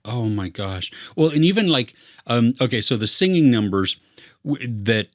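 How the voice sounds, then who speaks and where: A man's voice: medium pitch, big pitch swings, normal speed, dry recording, studio quality. A man co-hosting a casual movie review podcast, earnest and rambling, with many fillers and restarts. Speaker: podcast co-host.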